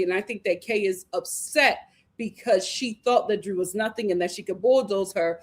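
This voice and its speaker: A woman hosting a live reality TV review in casual chat, animated, laughing and acting out what the cast said. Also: mid-range voice, moderate pace. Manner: animated, acts out cast members' lines, laughs often. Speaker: reality TV recap host.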